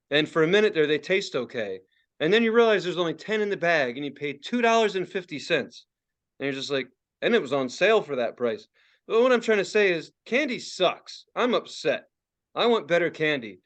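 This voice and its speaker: High-voiced ranting man in his forties. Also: a bit bright. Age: 40s. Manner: ranting, swearing, laughing often. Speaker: podcast co-host. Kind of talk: casual profane podcast rant.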